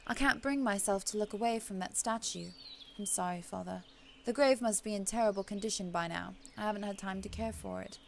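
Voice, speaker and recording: A woman voicing a thoughtful young heroine, reading her inner thoughts quietly and softly with a slightly posh touch. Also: mid-range voice, fairly quick, creaky, slight background noise, lightly acted. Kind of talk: let's play voice reading.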